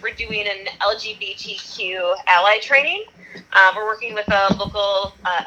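A woman's voice: medium pitch, bright, forceful tone, dull audio. A woman activist organizer enthusiastically laying out upcoming events, with frequent "um" and "uh". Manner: enthusiastic, explains plans with "um" and "uh". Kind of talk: casual chat.

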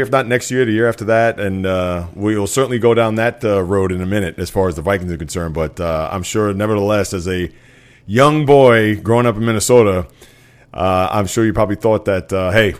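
A man hosting a sports podcast, talking casually and at length with lots of fillers. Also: fairly low pitch. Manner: rambling, filler-heavy, frequent "uh". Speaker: podcast host.

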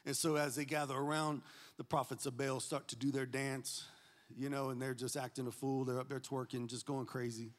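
A pastor preaching a sermon, animated and joking, swinging from loud to hushed. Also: male voice, mid-range voice, moderate pace, big-room sound.

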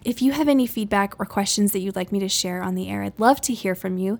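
A woman's voice: mid-range voice, a little mellow. Upbeat chatty woman podcast host. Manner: chatty and upbeat, laughing often at herself. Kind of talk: casual faith-based podcast monologue.

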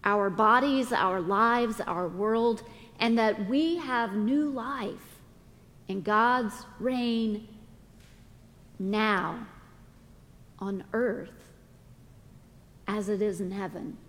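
Middle-aged woman pastor, slow measured sermon delivery, long church-hall reverb. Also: mid-range voice, a bit bright. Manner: slow, deliberate preaching with dramatic pauses. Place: church sanctuary.

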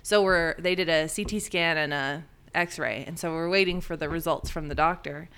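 Bright-voiced woman telling a story. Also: low voice, normal speed, clean tone. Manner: animated storyteller, laughs often. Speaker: podcast co-host. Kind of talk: casual storytelling chat.

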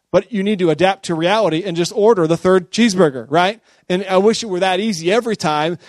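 Pastor guy giving a sermon, kinda high voice, dry close sound, keeps asking right? amen?. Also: no echo. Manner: conversational, often checks in with the audience.

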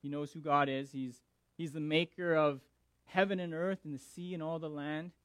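Male preacher, emphatic, slightly high voice, dry close sound. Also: normal speed, smooth, no room sound. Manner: animated, emphatic, repeats words. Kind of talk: scripture reading and sermon commentary.

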